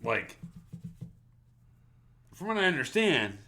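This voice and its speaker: Bright-toned rambling middle-aged man. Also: fairly high pitch, very animated, slow. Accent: Pittsburgh. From Southern US. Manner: rambling storyteller, trailing off mid-sentence. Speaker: podcast co-host. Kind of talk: casual chat.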